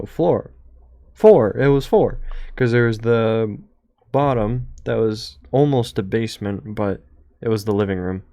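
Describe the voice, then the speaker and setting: A man's voice: on the low side, a little mellow, no echo, clean studio sound. A young man streamer rambling casually and jokingly, trailing off now and then. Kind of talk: casual chat over travel photos.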